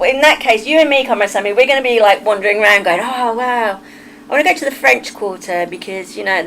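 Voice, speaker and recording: A woman's voice: mid-range voice, poor audio. A woman with an English accent chats casually with her livestream viewers, answering their comments as they come in. She laughs often and tends to wander off on tangents. A faint hum of background noise sits under her voice. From England. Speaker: livestream host. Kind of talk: casual chat reading a live chat.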